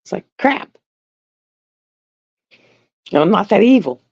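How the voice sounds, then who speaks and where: A middle-aged woman hosting a live stream in casual chat, blunt and repetitive, often quoting herself in an even higher voice. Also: measured pace, creaky, breathy edge. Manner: chatty, blunt, drawling, repeats herself. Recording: dry, dull lo-fi sound.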